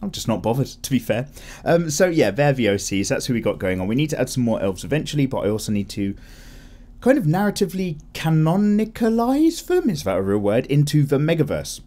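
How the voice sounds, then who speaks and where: A young man hosting a relaxed drawing vlog, chatting casually and rambling with frequent self-corrections. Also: mid-range voice, a little fast. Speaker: art channel host. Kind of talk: casual chat while drawing.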